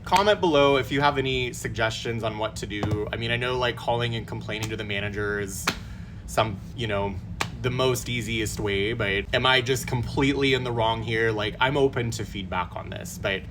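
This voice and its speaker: A man's voice: medium pitch, normal speed, noisy background. A young man telling an indignant storytime rant into his phone camera, swearing as he goes. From Texas. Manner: indignant, animated storytelling with profanity. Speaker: storytime vlogger.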